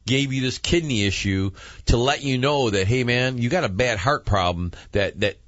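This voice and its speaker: A man hosting a casual chat, excitable and repeating words as he gets going. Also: medium pitch, moderate pace, no room sound. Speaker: podcast host. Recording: dull lo-fi audio.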